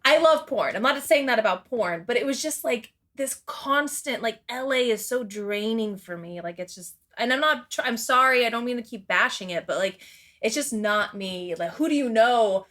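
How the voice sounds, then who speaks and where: A woman with a fairly high voice chats casually as a podcast guest. She talks in loose, rambling runs and swears without a second thought. Laughter keeps breaking into her sentences. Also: lively intonation, moderate pace, fairly bright tone. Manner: rambling and candid, swears freely; laughs often between thoughts. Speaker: interview guest. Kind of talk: casual interview chat.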